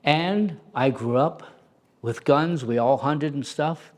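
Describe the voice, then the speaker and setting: A middle-aged man telling stories as an interview guest, animated and acting out the voices he quotes. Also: a little high, takes it slowly. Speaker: interview guest, former prison officer. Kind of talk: storytelling in a conversation.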